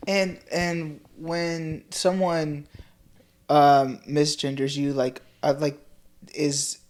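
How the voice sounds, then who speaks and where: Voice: mid-range voice, little pitch movement, drawn-out words, darkish tone. A podcast host chatting casually, affirming often and telling everyday anecdotes. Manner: conversational, affirming with frequent "yeah". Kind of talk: casual interview chat.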